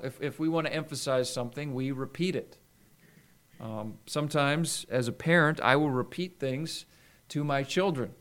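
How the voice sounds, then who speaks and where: A middle-aged man preaching a sermon in an earnest way, slowing down for emphasis. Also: fairly high pitch. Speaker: pastor.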